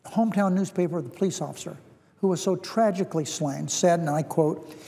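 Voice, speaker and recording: A man with a fairly high, mellow voice delivers a formal floor speech as a senator. He speaks deliberately and circles back to repeat key phrases for emphasis. His voice carries the long reverb of a large legislative chamber, picked up by a podium microphone. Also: vocal fry.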